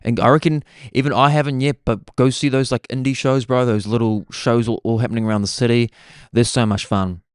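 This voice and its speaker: A young man with a New Zealand accent, hosting a podcast and telling stories in an excitable, casual way. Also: mid-range voice, fairly quick, smooth, no room sound, clean studio sound. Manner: excitable, says "bro" constantly. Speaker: podcast host. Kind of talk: casual storytelling chat.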